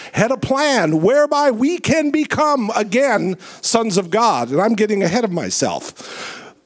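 A man preaching a sermon and reading scripture aloud. His phrases are slow and drawn out, and his pitch swings widely.

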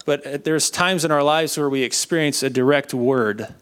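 A young man giving an earnest personal faith testimony, halting and often repeating his words. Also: on the high side, fairly bright tone, clean tone. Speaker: speaker sharing a testimony.

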